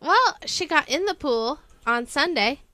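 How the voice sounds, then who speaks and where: A woman's voice: sits high, animated, a little slow, pushed and bright, no room sound. A middle-aged woman co-hosting a podcast, chatting casually and telling stories. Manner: chatty, storytelling. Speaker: podcast co-host. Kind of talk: casual chat.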